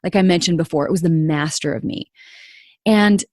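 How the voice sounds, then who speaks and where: A woman's voice: low voice, moderate pace, a little mellow, no echo, studio quality. A woman hosting a podcast, telling a personal story in an earnest, confiding way and speaking straight to her listeners. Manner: earnest and confiding, addresses listeners as "you guys". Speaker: podcast host.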